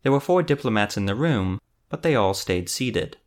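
A man's voice: fairly low pitch, lively intonation, normal speed. Man narrating a fantasy audiobook.

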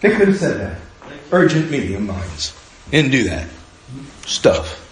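A man's voice: medium pitch, sing-song, unhurried. A man preaching a sermon in a humorous, conversational way, acting out quotes from the people in his story. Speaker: pastor. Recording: echoey room.

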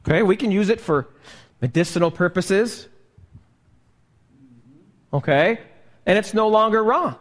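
A man preaching a live sermon as pastor, slow and emphatic, asking the congregation rhetorical questions. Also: high voice, expressive, fairly bright tone. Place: church sanctuary. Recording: live church recording with long reverb.

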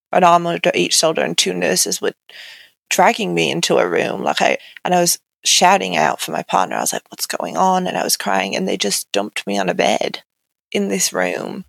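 A woman's voice: on the low side, gravelly, no room sound. A young woman as an interview guest, telling her own story candidly and conversationally, with many "like" fillers. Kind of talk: personal account in an interview.

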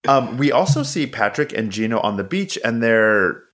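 A man co-hosting a podcast, recapping a show in casual chat, swearing freely and acting out the characters' lines. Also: moderate pace. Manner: animated, profane, acts out quotes in high voices. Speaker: podcast co-host.

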